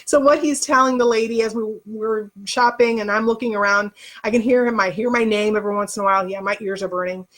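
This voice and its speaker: A middle-aged woman speaks at a medium pitch for her sex. She tells a personal story to the camera in a candid, conversational way. Her retelling is openly emotional and rambles a little. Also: fairly even intonation, fast, a bit bright. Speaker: vlogger.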